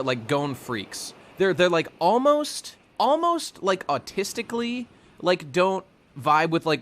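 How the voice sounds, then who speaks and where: A man's voice: medium pitch, fairly bright tone, a little hiss or hum. A man co-hosting a fan podcast in casual chat, rambling with lots of fillers and restarts. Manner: rambling, many fillers and restarts, laughs often. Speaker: podcast co-host.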